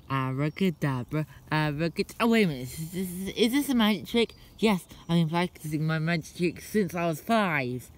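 A male channel host in playful, excitable vlog banter. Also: high voice.

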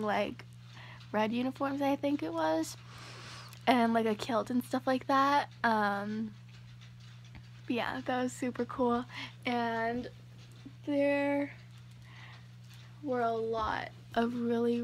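A woman's voice: on the high side, a little hiss or hum. A young woman YouTuber gushing to her viewers in a casual vlog, with lots of fillers.

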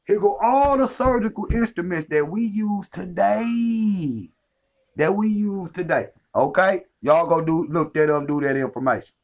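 A man's voice: high-pitched, expressive, measured pace. A man giving a profane, emphatic livestream lecture, repeating his points and calling listeners family. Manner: emphatic, profane, repetitive street talk.

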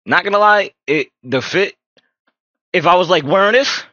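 Lively high-voiced young male streamer. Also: moderate pace, no echo, lo-fi sound. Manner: animated, talks to chat with slang. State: just woke up, morning voice. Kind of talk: casual live-stream chat.

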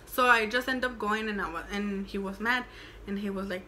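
A woman's voice: medium pitch, brisk, bright, forceful tone, slight background noise. A young woman, chatting casually and swearing as she tells a storytime. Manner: chatty, swearing, switching into Spanish. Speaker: vlogger.

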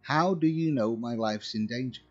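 A man's voice: medium pitch, normal speed, darkish tone, slightly rough, muffled recording, soft background music, lightly acted. A man voicing an irritated male security guard coworker who scolds and brushes off a colleague. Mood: annoyed.

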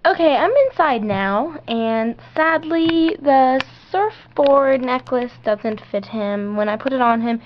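A teenage girl filming an unboxing vlog at home, gushing and squealing with delight, in a slightly muffled home recording. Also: fairly high pitch. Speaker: vlogger. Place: outdoors at home, later indoors.

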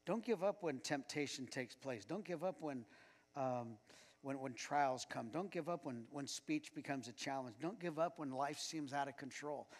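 A man's voice: medium pitch, moderate pace. A man preaching a sermon as pastor. He speaks conversationally and chuckles as he tells personal anecdotes. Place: church sanctuary. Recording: long church reverb.

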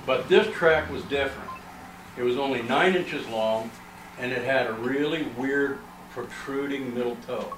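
A man's voice: medium pitch, a little slow. Man recounting events to a crowd, filler-heavy storytelling, miked from a distance in an echoey room. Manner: rambling, with frequent "uh" and "you know" fillers. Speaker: researcher presenting findings. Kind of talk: storytelling talk to an audience. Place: library meeting room. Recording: roomy, distant, with faint noise.

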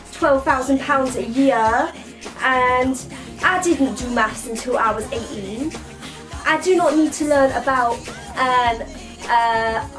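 A woman doing a rambling comic monologue full of slang, ending lines with 'mate' and 'yeah?'. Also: high voice. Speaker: vlogger playing a comic persona.

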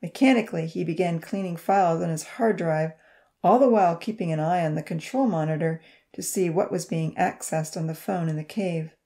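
Woman narrator, low mellow voice, calm even audiobook reading. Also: fairly quick. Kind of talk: scripted narration.

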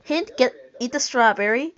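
High-voiced silly girl at a theme park. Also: lively intonation, moderate pace, fairly bright tone. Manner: silly, swears, bickers. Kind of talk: casual vlog chat. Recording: muffled lo-fi phone audio with faint music.

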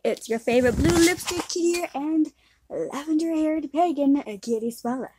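A woman's voice: sits high, moderate pace, noisy background. A young woman hosting a reaction video, chatting casually with a giggly manner.

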